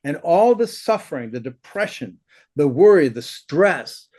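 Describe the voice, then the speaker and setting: A man talks through an idea with blunt, animated energy. His voice sits a little high, and it leaps up even higher when he mimics someone. He laughs often and curses casually. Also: a little slow. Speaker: spiritual teacher. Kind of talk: conversational teaching in an interview.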